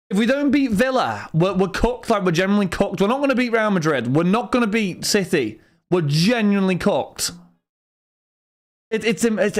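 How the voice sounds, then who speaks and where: A young man hosting a livestream, talking casually to his chat. He rambles and vents with exasperation, his voice sitting a little higher than most men's. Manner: rambling and exasperated, venting about football. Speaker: livestream host.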